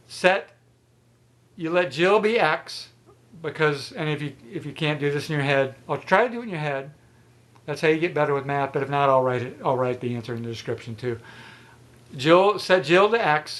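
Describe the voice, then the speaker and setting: A man's voice: on the high side, normal speed, a bit bright. A man in his sixties hosting a trivia channel, chatting outdoors as he explains a math riddle, rambling and restarting his sentences. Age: 60s. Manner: chatty and rambling, with repeated false starts.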